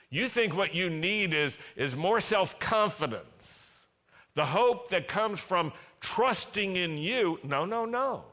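A male pastor preaching a sermon in an animated way, acting out voices and having the congregation repeat lines after him. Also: high voice, takes it slowly.

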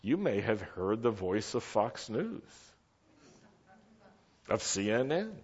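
A man preaching a sermon in a slow, measured way, his voice dropping almost to a whisper on quiet phrases and rising for emphasis. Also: on the low side, sing-song, breathy edge, highs cut off.

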